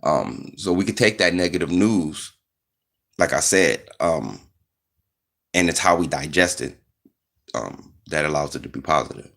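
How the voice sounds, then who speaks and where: Man hosting a vlog, deep voice, loose and meandering delivery. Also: a little slow, creaky, long pauses. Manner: relaxed and rambling, with fillers and restarts. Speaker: channel host. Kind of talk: casual vlog talk.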